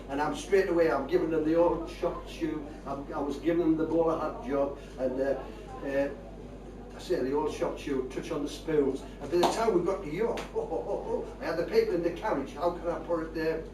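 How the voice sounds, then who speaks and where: An older man with a Geordie accent, telling rambling comic stories on stage. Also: on the high side. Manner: chatty, rambling tall tales with a broad northern lilt. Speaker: stand-up comedian. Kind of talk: live stand-up storytelling. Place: stage before a live audience. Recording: echoey, distant live stage recording with crowd laughter. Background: audience laughing.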